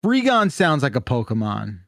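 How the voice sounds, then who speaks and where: A man's voice: mid-range voice, huge pitch swings, normal speed, vocal fry, dry recording, clean studio sound. A man co-hosting a podcast, answering quiz questions in a hesitant, laid-back way. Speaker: podcast co-host. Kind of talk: casual podcast banter.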